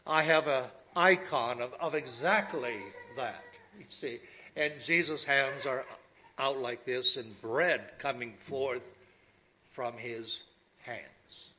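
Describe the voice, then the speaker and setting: A man preaching a sermon, talking to his listeners in a slow, lively way with asides. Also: medium pitch, dull audio, slight background noise.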